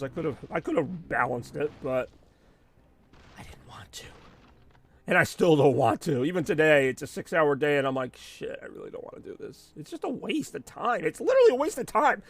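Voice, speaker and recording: Male gaming streamer, rambling venting chatter, lively swooping delivery, gravelly fry. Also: on the high side, no room sound. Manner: rambling, venting, animated with frequent asides. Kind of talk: casual chat over live gameplay.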